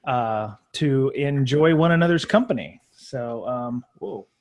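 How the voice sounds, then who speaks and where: A man's voice: mid-range voice, lively intonation, unhurried, dull audio, noisy background. A man hosting a casual group podcast, talking loosely with many fillers and restarts. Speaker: podcast host.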